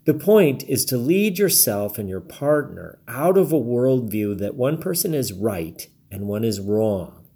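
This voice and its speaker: A man reading his blog post aloud, giving calm, measured advice and quoting imagined dialogue. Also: mid-range voice, husky. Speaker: blog narrator.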